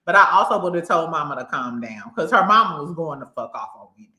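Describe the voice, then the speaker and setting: A woman hosting a casual recap show, animated and laughing often as she acts out what people said. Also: deep voice, quick pace, echoey room. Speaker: host.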